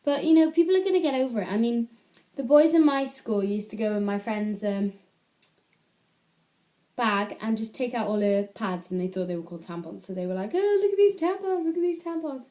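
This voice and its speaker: A woman's voice: medium pitch, fairly quick, dark tone. A teenage girl from the UK chatting casually into an iPad camera at home, rambling and correcting herself as she gives advice. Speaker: vlogger.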